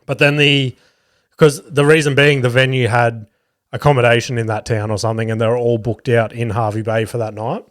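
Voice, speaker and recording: A man's voice: mid-range voice, little pitch movement, a little fast, no room sound, studio quality. A man in his thirties with an Australian accent, chatting casually on his solo podcast, rambling with plenty of swearing and filler words. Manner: rambling, swears freely, lots of ums and likes. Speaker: podcast host and comedian.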